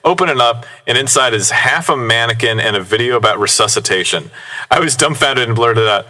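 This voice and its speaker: A man's voice: mid-range voice, animated, fairly quick, bright, forceful tone, no echo. A man in his thirties co-hosting a podcast, chatting casually and reading listener stories, rambling and musing with laughs between thoughts. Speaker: podcast co-host.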